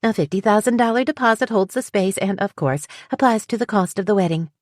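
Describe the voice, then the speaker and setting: A woman's voice: medium pitch, fairly quick, no room sound, clean studio sound, voice pushed up, natural voice. A woman voicing a petite, bubbly wedding planner with a southern drawl who is eager to please. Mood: cheerful. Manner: upbeat, chatty, eager to please.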